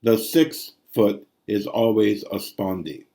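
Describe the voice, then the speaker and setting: A man's voice: fairly low pitch, expressive, takes it slowly, vocal fry, mellow. A man teaching ancient Greek prosody in a recorded lesson, sounding out syllables and rhythms aloud.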